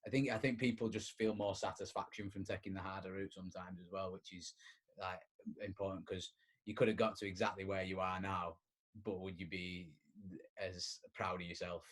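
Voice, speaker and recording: A man hosting a casual podcast, speaking softly and relaxed, often trailing off. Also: low-pitched, a little fast. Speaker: podcast host.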